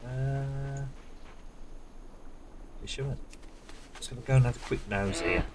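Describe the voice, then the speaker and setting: A man giving casual let's-play commentary, muttering quietly to himself as he plays. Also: mid-range voice, a little slow, noisy background. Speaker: gamer. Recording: voice over loud game music. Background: game music.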